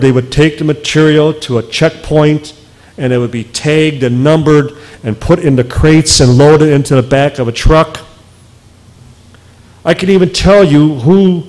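A man speaking as a researcher in a public lecture, emphatic, with deliberate pauses. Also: a little high, darkish tone, low-quality recording.

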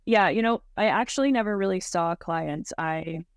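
A woman's voice: on the low side, moderate pace, clean tone, no echo, studio quality. A woman in her thirties, a podcast guest, telling her story in casual talk, full of "like" and "um", with frequent small laughs. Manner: chatty, many fillers like "like" and "um", laughs often.

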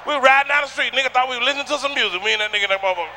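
A man doing a stand-up comedy routine on a theater stage, loud and boisterous, acting out people with shouts and sounds. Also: very high-pitched, rapid-fire, a little hiss or hum.

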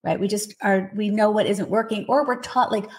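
A woman's voice: medium pitch, moderate pace. Woman coach explaining steadily. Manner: steady, explanatory, frequent "you know" fillers. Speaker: autism parenting coach, guest. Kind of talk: podcast interview answers.

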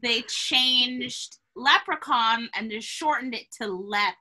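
A woman co-hosting a podcast in casual, animated chat, laughing as she talks. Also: a little high, slow, low-quality recording. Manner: animated, laughing, reads raps aloud. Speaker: podcast co-host.

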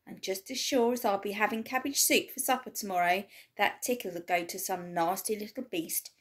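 A sour old grandmother grumbles with sniffy scorn, as a woman puts her on while reading aloud. The voice is slightly husky and dry in temper, never softening. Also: mid-range voice, moderate pace, lightly acted. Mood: scornful.

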